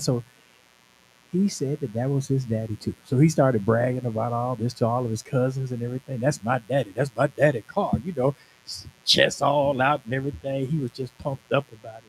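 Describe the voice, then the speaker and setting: A man's voice: mid-range voice, a little mellow, slight background noise, poor audio. A man in his sixties, a minister, telling a personal testimony at a conference in a conversational, emphatic storytelling way. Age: 60s. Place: conference venue.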